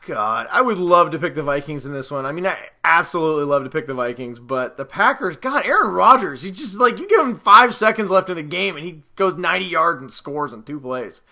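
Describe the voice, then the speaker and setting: Running through his football picks in a casual ramble, a male podcast host speaks at a fairly high pitch, brisk and expressive, with a bright, forceful tone. He keeps joking and sarcastically trashing players and teams.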